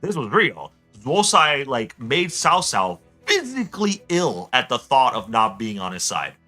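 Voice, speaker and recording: A young man streaming a game, rambling excitably as he tells stories and chats. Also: mid-range voice, a little slow, faint music behind. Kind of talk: casual gameplay chat.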